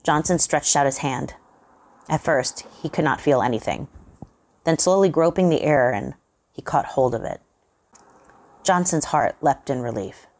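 A woman hosting and reading a horror story aloud in a measured, suspenseful way. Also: low voice, animated, darkish tone. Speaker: host and reader.

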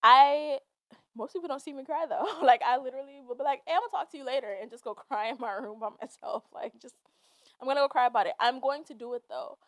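A woman's voice: sits high, quick pace, no echo. A woman hosting a solo podcast, talking in a casual, chatty rant full of "like"s. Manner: chatty and animated, many "like"s and frequent laughs. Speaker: podcast host.

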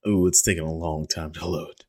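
A man hosting a podcast, telling a story in animated casual chat and laughing often. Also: a bass voice, fairly quick. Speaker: podcast host.

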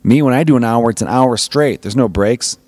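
A man's voice: mid-range voice, a little fast, a little mellow, dry recording. A man hosting a solo comedic podcast, rambling and swearing freely as he keeps correcting himself. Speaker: podcast host.

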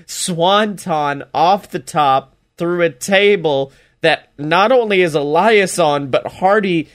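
A man's voice: fairly high pitch, takes it slowly, few pauses, fairly bright tone. A man giving a casual, sarcastic recap of a wrestling show, laughing as he mocks it. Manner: sarcastic, mocking, laughs while talking.

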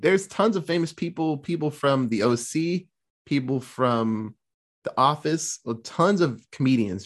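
A man co-hosting a podcast, reviewing a movie in casual chat, excitable and rambling, swearing freely. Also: medium pitch. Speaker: podcast co-host.

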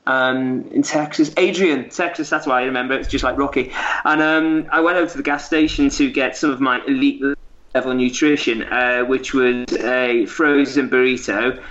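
A man's voice: medium pitch, fairly even intonation, normal speed, a bit bright. A man, a guest, telling a story in a casual, rambling way with lots of fillers and restarts. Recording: dull lo-fi audio.

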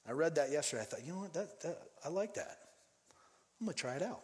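A man from Denver preaching a sermon in an animated, conversational way, acting out the people he quotes. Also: a little high, quick pace, long reverb tail. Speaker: pastor.

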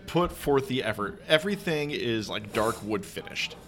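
Man, podcast guest, pub chat, sarcastic, wisecracking, mid pitch. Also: expressive, moderate pace, fairly bright tone, soft background music. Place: upstairs room of a pub.

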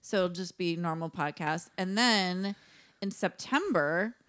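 A woman's voice: lowish voice, a little slow, a bit bright. A woman co-hosting a podcast, chatting casually and giggling through jokes. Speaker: podcast co-host. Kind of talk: casual chat.

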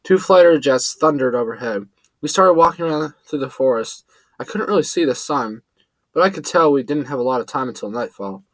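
A man's voice: brisk, no echo, poor audio. A man tells a first-person adventure story in a dry, close-up recording. His voice sits in a middle register and rises when he voices the characters. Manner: lively, shifts pitch up for quoted characters. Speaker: narrator.

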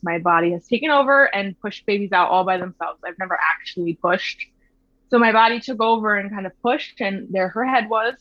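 Woman in her 30s, soft reflective storytelling, kinda muffled dry sound. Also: medium pitch, dry recording. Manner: soft, reflective, with many fillers. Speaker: mother telling her birth story. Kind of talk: casual personal storytelling. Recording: slightly dull, dry sound.

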